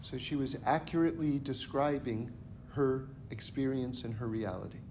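A man's voice: mid-range voice, normal speed, darkish tone, slight background noise. A man teaching a Torah lesson through stories, often checking in with his listeners by asking "right?". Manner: acts out characters in a story. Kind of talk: storytelling lesson.

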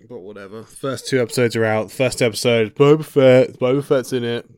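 A man's voice: medium pitch, a little fast, few pauses, darkish tone, clear, resonant tone. A young man chatting casually in a rambling, laid-back way, swearing freely as he talks about TV shows. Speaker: vlogger. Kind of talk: casual chat.

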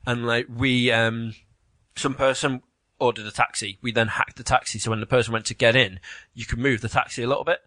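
A man in casual chat about video games, an animated storyteller who swears and mimics voices. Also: medium pitch, a little fast, no echo.

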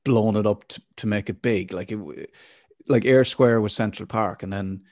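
A man's voice: on the low side, normal speed, no echo, clean studio sound. An Irish man chatting casually on a podcast, telling rambling stories with lots of restarts. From Ireland. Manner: rambling, animated storytelling with restarts. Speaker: podcast co-host. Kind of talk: casual chat.

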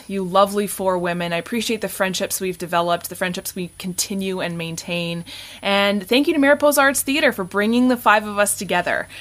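A woman hosting an interview podcast, signing off in a chatty, emotional way. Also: mid-range voice. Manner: warm, chatty, emotional sign-off. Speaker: podcast host. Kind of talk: casual interview outro. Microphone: remote recording platform.

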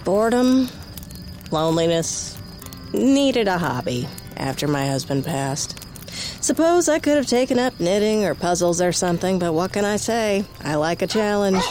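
A woman's voice: medium pitch, very animated, normal speed, a little mellow, a little hiss or hum, close to an everyday voice. An actress playing a peppy, sing-song widowed neighbor woman with an unsettling edge in an audio drama. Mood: wry.

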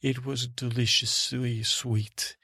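A man host telling a meandering bedtime story, halting and full of restarts. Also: mid-range voice, flat delivery, bright, forceful tone, breathy edge, dry recording, studio quality. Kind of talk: rambling bedtime story narration.

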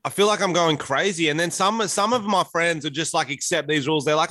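Australian man, fairly high bright voice, dry sound, casual call chatter. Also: fairly quick, few pauses, no room sound. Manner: swearing, laid-back. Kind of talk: casual chat.

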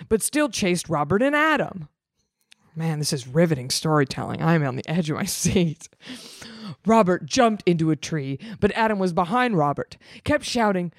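A woman's voice: lowish voice, no room sound, studio quality. A young woman reading a story aloud and breaking off for wry, sarcastic, teasing comments. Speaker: reader.

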